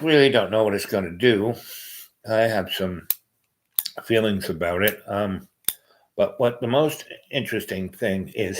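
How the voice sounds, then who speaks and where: A man's voice: lowish voice, a little hiss or hum, low-quality recording. A man hosting a podcast, talking in a meandering casual monologue with many fillers and restarts. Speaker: podcast host.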